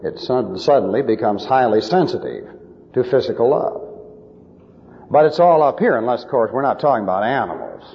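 A man's voice: mid-range voice, sing-song, normal speed, big-room sound, lo-fi sound. A male preacher giving emphatic, lecture-style Bible teaching with numbered points.

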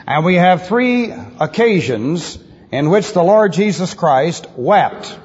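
A man's voice: high-pitched, lively intonation, takes it slowly, a little mellow, slightly rough. A man teaching a methodical sermon, repeating key phrases with emphasis, on an old recording. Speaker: pastor teaching doctrine. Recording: lo-fi old recording in a reverberant hall.

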